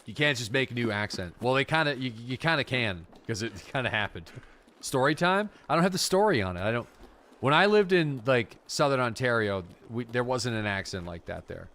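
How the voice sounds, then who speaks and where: A man's voice: medium pitch, lively intonation, fairly quick, fairly bright tone. A man from the Canadian Maritimes, a game streamer rambling in laid-back casual chat while playing, swearing freely.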